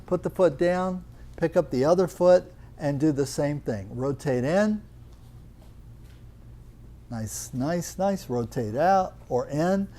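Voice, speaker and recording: A man's voice: on the high side, lively intonation, slow pace, mellow. Chatty older male yoga teacher. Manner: chatty, teasing, explains with questions. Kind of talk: live classroom instruction. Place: teaching room with students.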